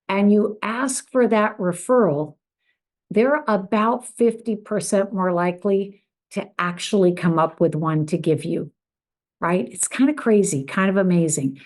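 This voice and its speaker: A woman's voice: mid-range voice, a little mellow. A middle-aged woman giving a coaching talk on customer service, acting out both sides of conversations with clients in a lifted voice. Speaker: business coach.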